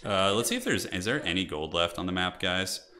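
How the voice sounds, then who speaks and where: A man's voice: deep voice, expressive, fairly quick, sharp tone. A young man streaming a strategy game, chatting casually and thinking aloud as he plays. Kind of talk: casual gameplay commentary.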